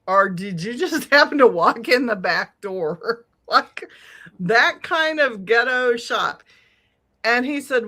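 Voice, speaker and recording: Bright-voiced woman telling a story. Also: fairly high pitch, a little slow. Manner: animated, profane storyteller who laughs often. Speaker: podcast co-host. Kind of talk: casual storytelling chat.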